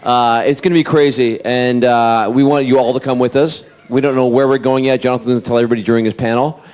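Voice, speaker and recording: A man with an ordinary middle-pitched voice hypes up the party plans. He jokes and talks with excited energy, bantering with the others on the panel. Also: fast talker, smooth. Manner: excited and joking. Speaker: panel guest. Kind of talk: casual hyped banter.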